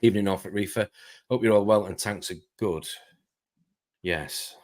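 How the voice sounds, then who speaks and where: A man hosting a casual live stream, chatting quickly and greeting viewers by name. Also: fairly low pitch, a little mellow. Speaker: host.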